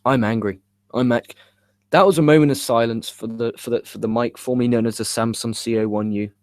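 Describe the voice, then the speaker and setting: Young male streamer, middle pitch, agitated rambling, dry sound. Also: fairly even intonation, brisk, a little mellow, dry recording. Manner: frustrated, swearing, rambling with stammers. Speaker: live show host. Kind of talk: live stream chat about wrestling. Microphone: cheap USB microphone.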